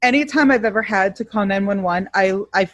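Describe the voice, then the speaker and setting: A woman's voice: medium pitch, a little fast, a bit bright, highs cut off. A woman co-hosting a podcast in casual chat, reacting to her friend's story and teasing her. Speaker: podcast co-host. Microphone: podcast mic.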